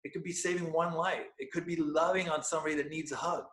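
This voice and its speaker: A man guest on a podcast, telling a personal story with animated energy and frequent laughs, dropping to hushed tones for quoted lines. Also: on the high side, fast talker. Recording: roomy echo.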